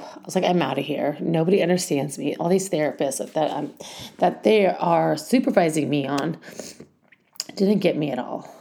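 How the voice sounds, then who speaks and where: A woman's voice: deep voice, moderate pace, creaky, dark tone. A middle-aged woman who founded a school, talking in a rambling, heartfelt podcast monologue and getting emotional. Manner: rambling, heartfelt, many fillers.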